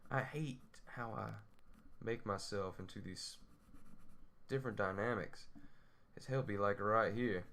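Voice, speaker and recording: Sketching as he talks to himself, this young drawing tutorial host rambles, laughs a lot, and pokes fun at his own drawing. His voice is lowish and a bit bright.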